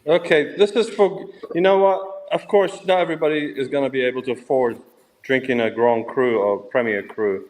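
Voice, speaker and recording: A man in casual chat, calmly presenting a bottle of wine. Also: medium pitch, moderate pace, big-room sound, slight background noise, rough recording.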